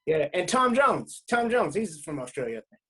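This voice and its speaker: Husky high-voiced man riffing. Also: big pitch swings, moderate pace, fairly bright tone. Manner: laid-back, crude riffing. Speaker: comedian guest. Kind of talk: casual comedic chat.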